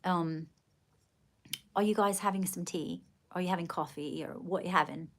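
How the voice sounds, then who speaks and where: A Southern-accented woman from Georgia hosts a livestream, chatting casually and rambling affectionately to viewers, gushing and calling them darling. Her voice is lowish and moderately paced, with a little hiss or hum.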